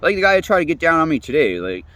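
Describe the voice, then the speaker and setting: A man's voice: a little high, sing-song, racing, a bit bright, no room sound. A man hosting his own show, talking in a casual, rambling rant full of swearing and fillers. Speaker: host.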